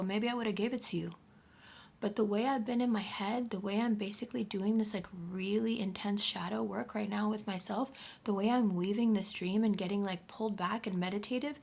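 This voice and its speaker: A woman giving a casual astrology reading to camera, blunt and profane, often talking in a soft half-whisper. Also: medium pitch, fairly even intonation, fairly quick, vocal fry, breathy edge. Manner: blunt and profane, addressing the viewer directly. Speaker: astrology reader.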